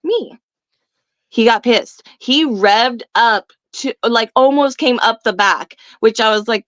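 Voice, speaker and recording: A young woman tells a story in casual chat, brash and profane, laughing often. Her voice sits fairly high, and the recording is dry and a little dull. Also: takes it slowly, a bit bright, no room sound. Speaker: guest.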